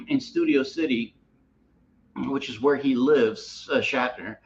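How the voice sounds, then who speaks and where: A man's voice: mid-range voice, slow pace, pauses often, lo-fi sound, background noise. A man co-hosting a casual chat, rambling through stories and laughing often. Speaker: co-host.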